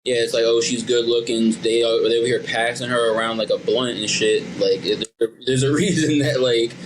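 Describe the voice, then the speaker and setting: A man's voice: mid-range voice, steady tone, normal speed, noisy background. A man co-hosting a podcast in casual chat, blunt and slangy, leaning on "bro" and "you know what I'm saying.". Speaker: podcast co-host.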